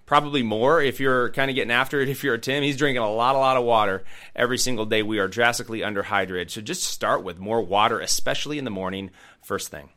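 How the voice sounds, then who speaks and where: Bright, emphatic pastor co-host. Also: male voice, mid-range voice, quick pace. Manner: emphatic and encouraging. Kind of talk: casual chat.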